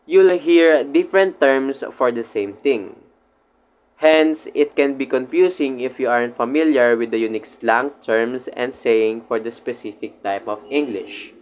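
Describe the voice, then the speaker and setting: Man reading a class report haltingly. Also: medium pitch. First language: Filipino language. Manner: reads haltingly with slips and restarts. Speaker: student presenter.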